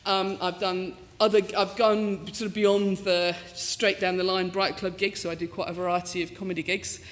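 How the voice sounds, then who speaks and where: Woman in her fifties, professor telling comic stories on stage in a big reverberant hall, animated and self-mocking. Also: mid-range voice, normal speed. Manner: lively, self-mocking, acts out quoted voices. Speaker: professor giving a talk. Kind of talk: storytelling talk with comic asides. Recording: lecture hall with long reverb.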